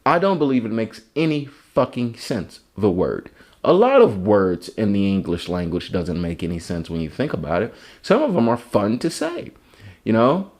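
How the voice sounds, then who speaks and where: A man's voice: on the low side, wildly swooping pitch, normal speed, darkish tone. A man hosting his own comedy podcast, talking in a rambling, profane, joking monologue. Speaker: podcast host.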